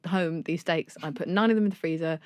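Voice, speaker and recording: A woman's voice: on the low side, quick pace, no echo. Woman telling a wild story. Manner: vivid storyteller, swears freely. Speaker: podcast guest. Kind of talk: casual chat, anecdote.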